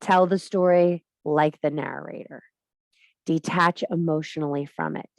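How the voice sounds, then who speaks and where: Woman, lower register, spiritual teacher type, blunt and preachy. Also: fairly even intonation, a little slow, gravelly, no echo. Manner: blunt, emphatic, swears freely; preachy, addresses viewer directly. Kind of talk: spiritual monologue to camera.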